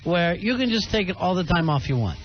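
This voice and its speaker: A man's voice: high-pitched, very animated, fairly quick, soft background music. A man hosting a radio talk show, needling his guest with dry sarcasm in casual banter. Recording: lo-fi radio broadcast.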